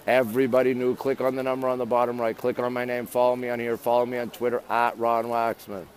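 A Canadian livestream host talks quickly and flatly at a medium pitch, with slight background noise. He's outdoors on monument steps in a busy city, streaming by phone, greeting viewers and reading their comments in chatty bursts.

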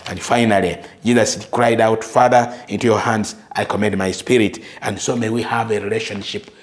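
A man preaching a sermon, slow and emphatic, repeating phrases and dropping to soft quotes. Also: lowish voice, fairly even intonation, slight background noise.

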